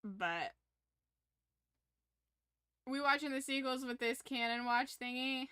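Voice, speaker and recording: A woman live-streaming to her viewers, talking in an animated, rambling way. Her voice is very bright and crisp, recorded dry and close. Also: high voice, slow pace, dry recording. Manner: animated, rambling fan enthusiasm with frequent laughs. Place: home room with her collectibles behind her.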